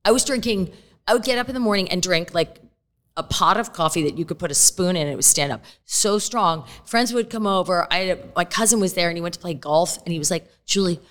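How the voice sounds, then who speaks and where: A woman's voice: lowish voice, quick pace, fairly bright tone. Candid, profane woman chatting freely. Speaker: guest. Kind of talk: casual podcast chat.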